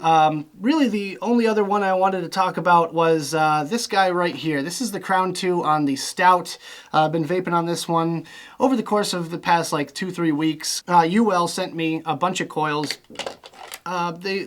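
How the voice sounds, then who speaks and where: A young man with a voice sitting a bit higher than most men's talks through his gear in an easygoing vlog. He rambles in a relaxed way, with plenty of fillers and restarts. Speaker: vlogger reviewing vape gear. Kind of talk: casual vlog chat.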